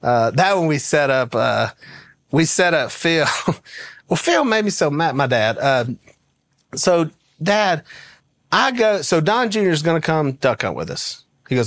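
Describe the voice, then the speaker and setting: A man's voice: fairly high pitch, a little slow, dry recording. A man spinning a funny story, his voice climbing and dipping with lots of lift. He laughs as he goes and slips into the voices of the people in his tale. The sound is close and dry. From American South. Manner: animated, laughs through his story, acts out quotes. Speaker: guest storyteller. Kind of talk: casual storytelling anecdote.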